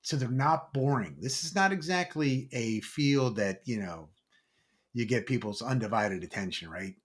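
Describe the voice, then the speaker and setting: Give me a man in a casual conversation, emphatic and checking in with his listener, average pitch. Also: normal speed. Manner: emphatic, tags points with "right?". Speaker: podcast co-host.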